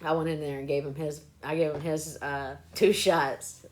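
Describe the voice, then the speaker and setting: A woman with a low voice tells stories casually into her phone on a live stream. She is chatty and animated, and she keeps breaking into laughter. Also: moderate pace, slight background noise. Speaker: livestreamer recalling clinic work.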